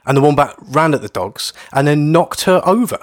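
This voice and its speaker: A man co-hosting a comedic chat show, ranting and joking in a lively way. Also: fairly high pitch, moderate pace. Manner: animated, ranting, jokey. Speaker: podcast co-host.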